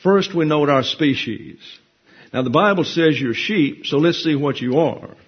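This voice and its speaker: A man's voice: on the high side, expressive, a little slow, breathy edge, muffled recording. A man preaching a folksy, humorous sermon as a pastor teacher, with joking asides. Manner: humorous, conversational, self-deprecating asides.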